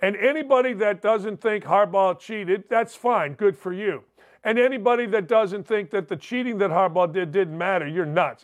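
A brash sports talk host, a middle-aged man with a high voice. He rattles through listener emails and old stories with animated, loud gusto. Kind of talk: sports talk radio monologue.

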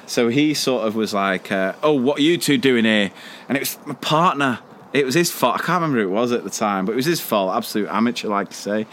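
A man's voice: fairly low pitch, animated, quick pace, fairly bright tone, slight background noise. A man co-hosting a podcast, telling a school story in casual chat, rambling with many fillers and frequent laughs. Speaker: podcast co-host.

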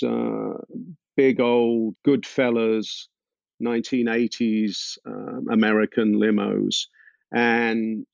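A man being interviewed as a musician, telling stories thoughtfully with many pauses and fillers. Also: mid-range voice, vocal fry, a little mellow, no room sound. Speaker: musician guest. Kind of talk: relaxed interview storytelling. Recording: dull, dry lo-fi sound.

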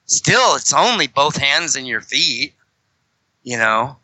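Male podcast guest, loose and digressive, constantly correcting himself, bright tone. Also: mid-range voice, very animated, takes it slowly, no room sound, poor audio. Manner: rambling, joking, many self-corrections. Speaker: guest, fellow fringe Christian show host. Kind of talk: casual podcast chat.

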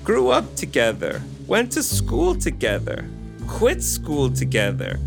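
A man's voice: wildly swooping pitch, a little slow, music in the background. A man reading aloud who voices a drunk, grieving woman with a whiny, slurred manner. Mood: sobbing. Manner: slurred, whiny, pitched up high. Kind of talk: comic dramatic reading.

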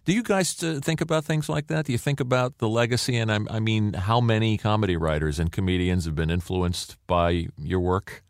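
A man's voice: lowish voice, brisk, few pauses, no echo, studio quality. A man co-hosting an interview, prompting his guests with curious questions. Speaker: co-host.

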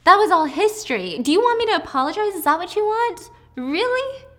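A haughty, wealthy mother near forty, as a woman recapping a drama voices her snaps out sharp, scornful lines. She sounds superior and easily provoked. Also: medium pitch, a little fast, close to an everyday voice.

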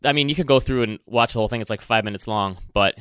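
Bright, crisp man with a Michigan accent. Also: medium pitch, fast, no room sound, studio quality. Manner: opinionated, chatty film talk. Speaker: podcast co-host. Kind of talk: casual chat.

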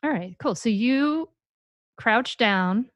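A woman's voice: fairly high pitch, animated, takes it slowly, no echo, highs cut off. A woman hosting an on-air coaching call as a parenting coach, talking in a playful, demonstrative way and acting out examples.

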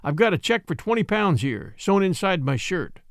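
A hungover sheep man, faltering and pleading, as a male reader voices him. He speaks slow and unsteady, his voice lifted and wavering, in a dry close sound. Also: sits high, very animated, vocal fry, dry recording, heavily acted. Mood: shaky.

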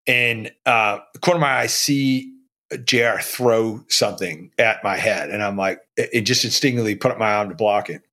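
A man's voice: on the low side, normal speed, sharp tone. A man telling a story about his undercover past in a blunt, profane, casual way, as a podcast guest.

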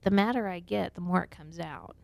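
A woman's voice: lowish voice, a little fast, creaky, darkish tone, dry recording. A woman co-hosting a podcast in casual chat, blunt and teasing, with a slight twang. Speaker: podcast co-host. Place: home studio.

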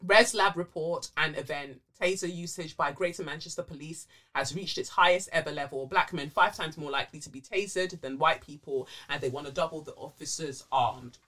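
A woman podcast co-host casually reading listener letters aloud, animated, with frequent fillers and swearing. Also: low voice, a little fast, hardly any pauses.

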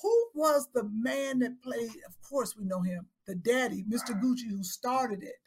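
A woman's voice: a little high, lively intonation, a little mellow. A woman chatting casually as a co-host who keeps exclaiming and jumping in with questions. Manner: exclaiming, quick to interject. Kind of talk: casual chat. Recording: clearly noisy background.

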